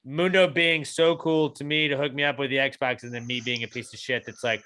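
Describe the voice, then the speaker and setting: A man's voice: mid-range voice, steady tone, brisk, hardly any pauses, pushed and bright. A man co-hosting a podcast in casual chat, rambling and self-deprecating, and swearing freely. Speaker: podcast co-host.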